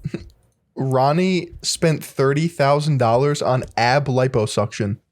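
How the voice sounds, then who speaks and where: A man's voice: medium pitch, measured pace. A man co-hosting a podcast in casual chat, adding short reactions and dry quips. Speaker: podcast co-host.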